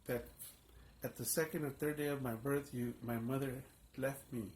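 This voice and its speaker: A man's voice: mid-range voice, fairly even intonation, normal speed, darkish tone. A man, a pastor, telling his personal testimony in an earnest, emotional storytelling manner.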